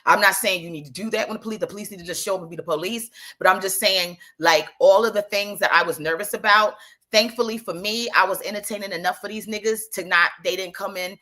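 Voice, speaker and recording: A young woman telling a story in a casual monologue, animated and emphatic, often restarting her sentences. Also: medium pitch, fast.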